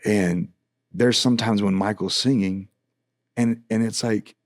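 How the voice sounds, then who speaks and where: A man's voice: on the low side, a little slow, dry recording, clean studio sound. A middle-aged man, a worship leader, telling a story in a casual podcast conversation, acting out the dialogue as he goes. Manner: animated storyteller, acts out dialogue, frequent restarts.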